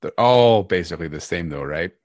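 A man's voice: low-pitched, expressive, brisk, a little mellow, no room sound. A man co-hosting a podcast, chatting casually and rambling as he searches for words. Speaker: podcast co-host. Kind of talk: casual chat.

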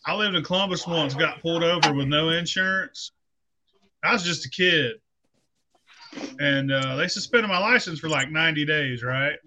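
A man telling a profane, animated story in a casual podcast chat, acting out the people he quotes. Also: on the high side, moderate pace, a little hiss or hum, rough recording.

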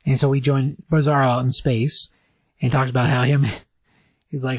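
A man co-hosting a casual podcast, recapping a comic story in a rambling way and briefly acting out lines in higher voices. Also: little pitch movement, normal speed, slightly rough, dry recording. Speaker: podcast co-host reviewing comics.

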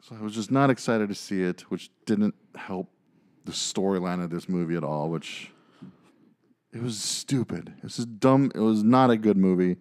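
A man in his thirties holds forth in a casual podcast chat, venting through a story with plenty of swearing and big emphasis. His voice sits a little low. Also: normal speed. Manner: animated, profane ranting storyteller. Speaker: podcast co-host.

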